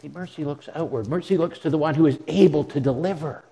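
Speaking fast in a dark-toned voice on the high side, a pastor gives an earnest sermon. He restarts often, repeating words as he does, and drops in dramatic quoted asides, heard through a long hall reverb.

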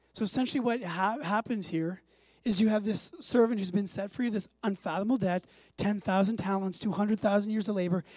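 An emphatic preacher delivers a sermon in a middle-pitched voice, dropping soft and then climbing to loud, urgent stretches. The sound is dry and close, with no room echo. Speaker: pastor.

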